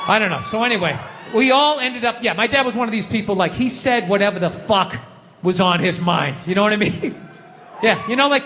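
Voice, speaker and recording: A middle-aged man performing a loud stand-up comedy rant on stage, often shouting. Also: high-pitched, slight background noise. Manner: loud ranting delivery with frequent shouting. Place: theater stage before a live audience. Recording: stage mic with long hall reverb.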